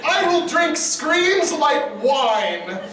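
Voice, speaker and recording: A man reading lines as a haughty young dragon queen in his own high voice at a live comedy panel. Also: sing-song, extremely slow, a crowd in the background, heavily acted. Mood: grandiose. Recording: distant mic, echoey convention hall, audience.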